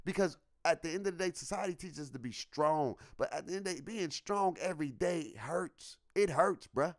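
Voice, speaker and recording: A man's voice: a little high, fairly quick. A young man on a podcast, telling a story in casual slang and acting out what people said. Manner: animated, slangy, acts out quotes. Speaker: podcast co-host.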